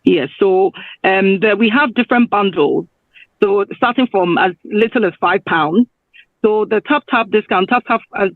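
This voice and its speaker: A man from Ghana, a guest on a radio show, talking in a halting, rambling way and often correcting himself. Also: sits high, dry recording. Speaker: guest promoting a travel raffle. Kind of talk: phone-in radio interview. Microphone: phone. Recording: tinny phone line.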